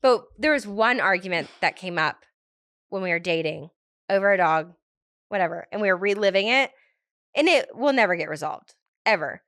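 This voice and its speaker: A woman in her thirties chats as a podcast guest in a middle-pitched voice. She peppers her speech with "like" and lets sentences fade away softly. The sound is close and dry, with no room around it. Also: lively intonation, moderate pace, dry recording. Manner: chatty, lots of "like", trails off softly. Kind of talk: casual chat.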